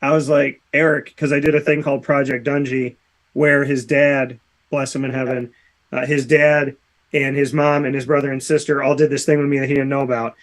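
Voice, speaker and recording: A man's voice: medium pitch, a little fast. A man hosting a sports radio show, telling stories in casual chat and acting out quotes with animation. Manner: animated storyteller, acts out quotes. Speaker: radio host.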